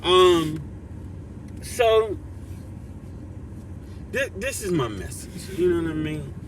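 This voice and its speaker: A man hosting a motivational livestream, high-pitched and full of swings. He talks slowly with heavy emphasis, calling out to his community and reading their chat. A faint hum of noise sits behind him. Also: sing-song. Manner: hyped, emphatic, shouts to the community, reads chat aloud; drops to soft low voice for heartfelt thanks. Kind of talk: casual livestream talk to chat.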